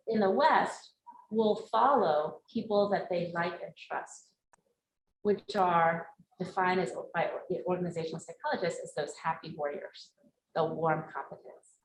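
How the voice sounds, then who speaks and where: Earnest woman speaker in echoey room. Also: fairly low pitch. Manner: earnest, emphatic, animated. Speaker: speaker and career coach. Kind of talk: live talk and audience Q&A. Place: event room before a live audience. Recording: echoey room, faint noise.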